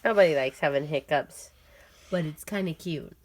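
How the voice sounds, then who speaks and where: A woman's voice: sits low, moderate pace, a little mellow, a little hiss or hum. A young mother at home, playfully coaxing and questioning her toddler at bedtime in a casual home video.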